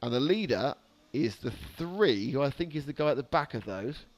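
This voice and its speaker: A man calls a live motor race from trackside, with a mid-pitched voice. His delivery is dry and sarcastic. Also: lively intonation, moderate pace. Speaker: race commentator.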